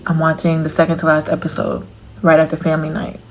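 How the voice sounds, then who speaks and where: A young woman chatting casually to camera in a crochet vlog, slangy and animated as she reacts to a TV show. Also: deep voice, quick pace, poor audio. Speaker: crochet vlogger. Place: home, indoors.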